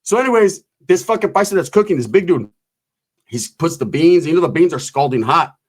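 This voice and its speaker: A man spinning a rambling, profane story about a wild night out, tossing in "right?" after nearly every beat. His voice sits a little high, loose and conversational. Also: lively intonation, brisk, breathy edge. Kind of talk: casual comic storytelling.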